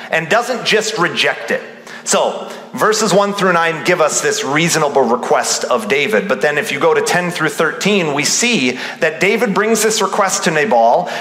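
Bright-voiced man preaching in a hall. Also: a little high. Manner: animated preaching, acting out quoted voices. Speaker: pastor. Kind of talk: sermon. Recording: roomy hall reverb.

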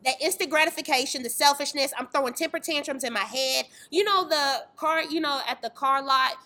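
A young woman, a fitness trainer sharing a candid faith testimony, telling it in a lively way with acted-out voices and exclamations. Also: high-pitched, a little fast. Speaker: fitness trainer and dance tour organizer.

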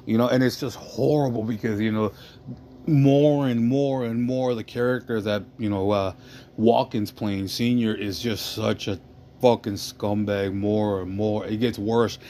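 A man with a fairly low voice talks through a movie's story in a loose, rambling way. He swears freely and keeps checking in with his listeners. A faint background hum sits under his voice. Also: steady tone, a little slow, mellow. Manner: rambling, profane, frequent "you know what I mean". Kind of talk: casual movie recap.

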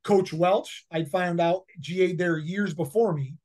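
A man's voice: sits high, measured pace, a little mellow. A man in his fifties, a head football coach, telling stories in a casual interview, rambling with many fillers and repeated words. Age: 50s.

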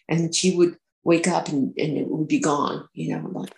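Guest: woman, gravelly voice, halting delivery, roomy echo. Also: deep voice, little pitch movement, a little mellow. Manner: hesitant, many restarts and fillers. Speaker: interview guest. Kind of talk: casual recounting of personal experiences.

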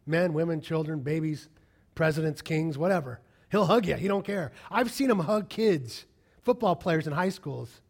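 Husky-voiced pastor man preaching. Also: a little high. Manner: impassioned, swinging from loud to hushed whispers. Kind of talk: sermon.

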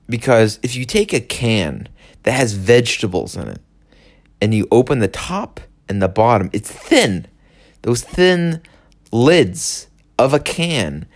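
Rambling, irritable young man ranting. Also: medium pitch. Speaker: podcast host. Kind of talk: solo ranting monologue.

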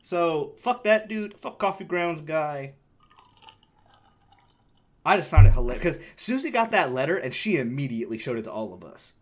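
A young podcast co-host with a slightly high voice and normal speed tells a story casually and with animation. He swears freely and performs the voices of the people involved.

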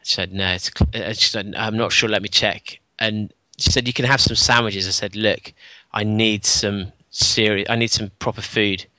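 A man on a podcast telling a story in casual chat, animated, acting out the dialogue and laughing often. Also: on the low side, normal speed, hardly any pauses, no echo.

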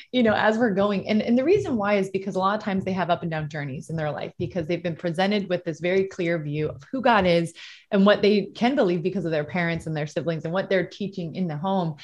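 A woman hosting a faith podcast in casual conversation. She is enthusiastic and affirming toward her guest, and she explains things to her listeners in a voice of middling pitch. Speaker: podcast host. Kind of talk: casual interview chat.

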